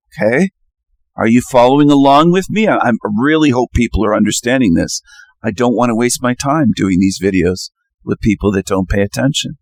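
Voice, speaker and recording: A man with a lowish voice hosts his own channel, delivering an insistent solo monologue packed with challenging rhetorical questions. The recording has no echo.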